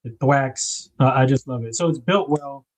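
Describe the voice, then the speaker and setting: A man's voice: mid-range voice, moderate pace. A man hosting a casual livestream, rambling about knife design and greeting viewers in the chat by name.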